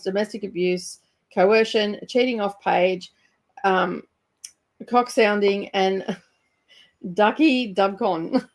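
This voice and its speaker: A young woman hosting a book club livestream, chatting casually, giggling often and greeting viewers by name. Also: mid-range voice.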